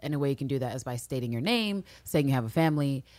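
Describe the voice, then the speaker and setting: A woman co-hosting a casual recap podcast, profane and animated, acting out the characters' lines in high voices. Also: fast talker, dry recording. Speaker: podcast co-host.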